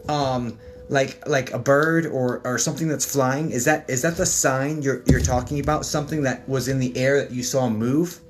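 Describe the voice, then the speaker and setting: A man giving a psychic medium reading on a livestream, talking gently and reassuringly straight to his viewers. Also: medium pitch, fairly even intonation, normal speed, a little hiss or hum. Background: background music.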